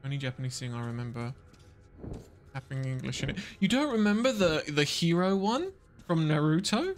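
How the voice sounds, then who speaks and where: A man streaming a video game, rambling and quick to laugh and exclaim as he plays. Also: fairly high pitch, very animated, faint music behind. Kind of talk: casual live gameplay commentary.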